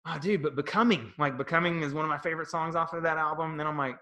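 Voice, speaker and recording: Picture a middle-aged man with a bright, forceful voice sitting somewhat high for a man. He is chatting casually on a music podcast. He rambles through animated stories about his younger years. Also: fast, hardly any pauses. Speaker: podcast co-host. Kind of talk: casual chat.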